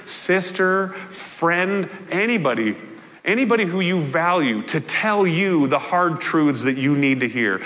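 A male pastor preaching a sermon in a conversational, animated way with playful asides. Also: fairly high pitch. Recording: echoey hall with long reverb.

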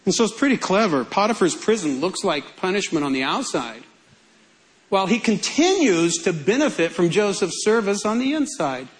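A man's voice: sits high, very animated, normal speed, low-quality recording. A male pastor preaching a sermon in a humorous, conversational way.

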